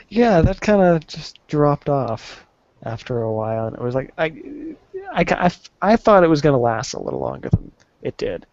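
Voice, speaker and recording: A man's voice: fairly high pitch, sing-song, unhurried, darkish tone, dry recording. Casual guy, stumbling delivery, dry muffled lo-fi recording. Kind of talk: casual chat.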